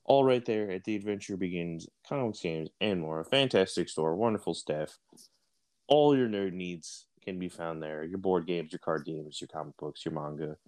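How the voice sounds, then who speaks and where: Man, radio co-host, reading a sponsor ad, low voice, laid-back. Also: moderate pace, a little mellow. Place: radio studio.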